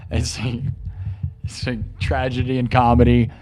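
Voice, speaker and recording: A man's voice: mid-range voice, moderate pace. Guy streamer chatting live, rambling and hyped, talks straight to chat.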